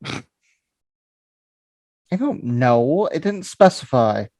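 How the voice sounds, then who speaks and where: A man's voice: mid-range voice, very animated, very slow, darkish tone, dry recording. A man co-hosting a comedy podcast, reading out crude would-you-rather questions in blunt, casual banter.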